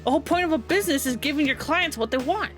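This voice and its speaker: A woman's voice: high-pitched, expressive, fast, over music. A woman voicing a haughty male weapons master who speaks in stiff, lofty, formal phrasing.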